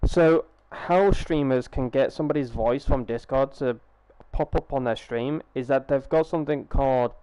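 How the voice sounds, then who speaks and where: A man's voice: medium pitch, normal speed, hardly any pauses, mellow, clean tone, no echo. A young man chatting casually on a live gaming stream through a headset, rambling, swearing freely and restarting his sentences.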